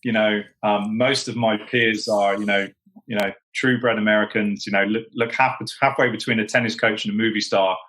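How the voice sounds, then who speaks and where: A man's voice: fairly low pitch, steady tone, normal speed, fairly bright tone, low-quality recording. A British man speaking as a sales executive guest in a casual chat, emphatic and full of "you know" fillers. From United Kingdom.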